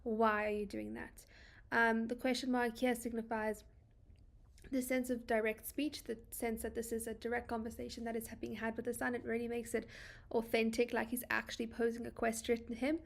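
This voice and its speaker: Brisk and creaky, with a fairly high pitch and a totally flat delivery, this South African-accented tutor works through poetry in an English literature lesson. She reads lines aloud, then casually paraphrases them, filling her speech with fillers.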